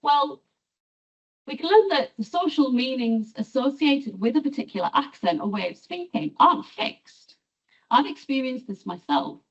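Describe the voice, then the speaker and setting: Middle-aged Teesside woman, lecturer; husky, fairly high voice, recorded from a distance on a dull lo-fi mic. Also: expressive. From North East England. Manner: measured, explanatory lecturing. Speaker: sociolinguistics professor. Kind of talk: university lecture.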